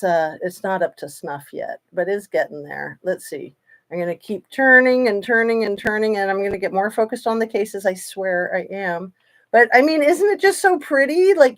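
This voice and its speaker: A woman hosting a casual true crime livestream, chatting in a rambling way with sarcastic asides. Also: medium pitch.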